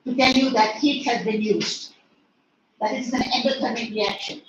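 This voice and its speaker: A woman chemistry teacher with an Indian English accent lectures an online class, speaking at normal speed in a slightly high voice. She's strict and scolding, firing questions at students, in a lo-fi recording from an echoey room with a distant mic and faint noise.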